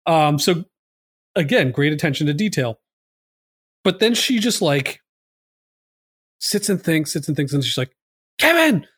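A man's voice: on the high side, animated, measured pace, pauses often, husky, no room sound. A man hosting a casual movie podcast, rambling with lots of fillers and "like.". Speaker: podcast host.

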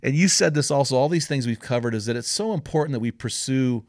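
A man's voice: medium pitch, fast talker, no room sound. A man hosts a podcast interview on a close, dry mic, with a mid-range voice. He is earnest and blunt, and he presses his points by repeating his questions. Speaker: podcast host. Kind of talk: conversational interview.

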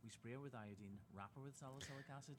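A man narrating a video clip, calmly explaining a hoof treatment. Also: medium pitch, very fast. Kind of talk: documentary narration.

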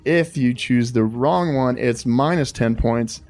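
A man's voice: medium pitch, takes it slowly, a little mellow. A man hosting an interview, politely calling his guest sir and telling a survival scenario step by step. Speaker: podcast host.

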